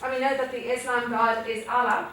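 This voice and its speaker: A young Irish woman with a high-ish, somewhat bright voice leads a Spanish revision lesson in a classroom, going step by step and checking "okay?" often. Her delivery is flat and a little fast, picked up from far away in an echoey room with faint noise.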